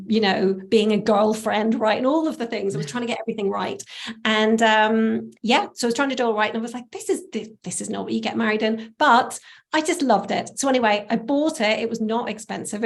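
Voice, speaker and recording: Lively woman telling a story. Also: a little high, creaky. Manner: animated, laughs often, acts out quoted voices. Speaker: stylist, interview guest. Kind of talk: conversational storytelling.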